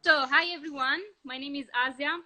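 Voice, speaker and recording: A woman from Italy with an Italian accent, chatting as a guest on a video call in friendly, halting English. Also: sits high, fairly even intonation, very noisy. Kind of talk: casual video-call chat.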